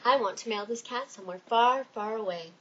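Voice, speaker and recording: A woman voicing a grumpy older man who claims to dislike cats, talking in a slow, huffy, grumbling way in a storybook reading. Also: fairly high pitch, fairly bright tone, muffled recording.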